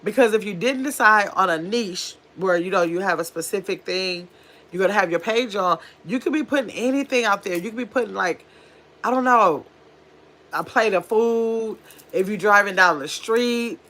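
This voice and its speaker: A woman's voice: medium pitch, moderate pace, a bit bright. Woman, casual livestream chat, home, reads viewer comments. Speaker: livestream host. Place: at home in pajamas.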